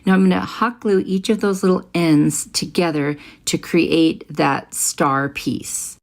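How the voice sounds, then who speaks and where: A woman's voice: on the low side, fairly even intonation, unhurried, vocal fry. A middle-aged woman hosting a craft channel, explaining each step of a project in a friendly voice-over.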